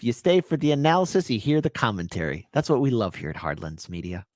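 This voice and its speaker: A man hosting a commentary show, reacting to interview clips with animated exclamations and laughter. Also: mid-range voice, quick pace.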